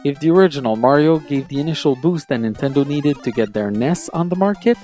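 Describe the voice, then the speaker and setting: A man narrates a scripted countdown with a lively, swooping pitch and a mellow, warm tone. He sounds enthusiastic and nostalgic. Faint music plays under his voice. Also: a little fast. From Quebec, Canada. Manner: enthusiastic and nostalgic, talks fondly of childhood games. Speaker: video game reviewer.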